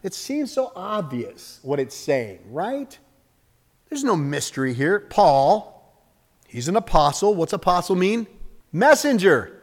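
A man preaching a sermon with lots of energy, acting out little scenes and jumping up and down in pitch and loudness. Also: takes it slowly, in a large hall. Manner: animated, acts out little scenes with sudden jumps in pitch and volume. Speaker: pastor.

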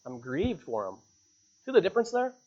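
Guy preaching in church, kinda high voice, earnest, gets loud on the big points, dull lo-fi sound. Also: huge pitch swings, a little fast. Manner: earnest preaching, pitch and volume rising on emphatic lines. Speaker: pastor. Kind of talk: sermon.

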